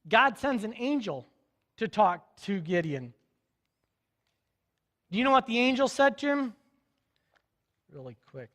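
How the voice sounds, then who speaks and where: A man's voice: high-pitched, fairly bright tone, big-room sound. A man preaching a sermon, retelling a Bible story in casual, modern speech and acting out the characters' lines. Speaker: pastor.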